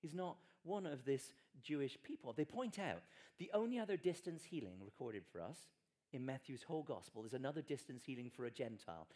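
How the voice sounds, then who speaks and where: Preacher, male, mid-pitched, chatty sermon delivery with dry humor. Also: lively intonation, brisk, mellow. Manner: conversational, emphatic, wry asides.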